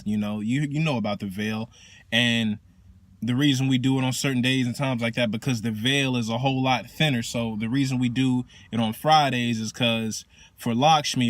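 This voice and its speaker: A man who works as a teacher casually explains spiritual practice in slangy, profane, animated talk. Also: medium pitch, no room sound.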